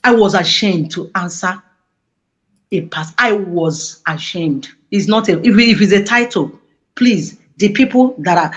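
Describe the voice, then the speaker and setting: A woman giving an emotional interview, speaking passionately and halting with many restarts. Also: mid-range voice, animated. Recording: dull lo-fi audio.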